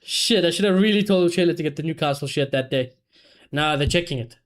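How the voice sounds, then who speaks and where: A young man hosting a live football watchalong, reacting excitedly, swearing heavily and shouting when his team scores. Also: fairly high pitch, fairly quick. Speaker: watchalong streamer.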